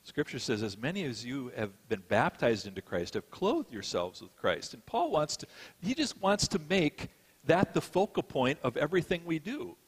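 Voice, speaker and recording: A man's voice: fairly high pitch, very animated, moderate pace, breathy edge. A middle-aged man preaching a sermon in a conversational storytelling way, with self-deprecating asides. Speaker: pastor. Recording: long hall reverb.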